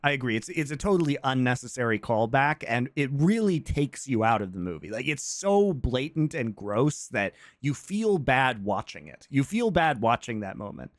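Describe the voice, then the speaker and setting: A man's voice: medium pitch, big pitch swings, normal speed, hardly any pauses, no room sound, studio quality. Easygoing man making his point on a podcast. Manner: laughs easily, builds argued points. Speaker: podcast co-host. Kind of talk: casual movie review chat.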